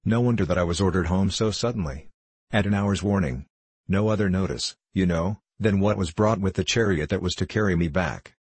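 Deep, husky male audiobook narrator. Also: brisk, a little mellow, dry recording. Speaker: audiobook reader. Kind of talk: scripted narration of a period novel.

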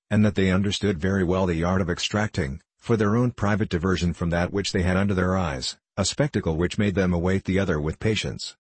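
Male audiobook narrator, measured reading, deep husky voice, dry close sound. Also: dry recording.

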